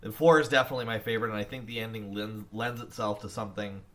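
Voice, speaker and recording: A man talking on a casual podcast with a bright, forward voice. He's eager, tripping over restarts as he jumps in, and swears casually. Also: fairly low pitch, fairly even intonation, quick pace. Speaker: podcast co-host.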